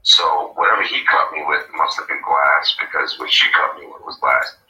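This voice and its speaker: Deep-voiced man telling a story over an echoey phone line. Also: moderate pace, recorded from a distance, slight background noise. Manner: rambling, animated retelling with many fillers. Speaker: guest. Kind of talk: casual storytelling on a call-in radio show.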